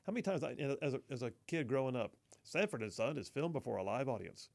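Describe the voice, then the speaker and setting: A man's voice: mid-range voice, very animated, fast, creaky. A man hosting a talk radio show, chatting wryly, reading listener texts and laughing along. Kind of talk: casual talk radio commentary.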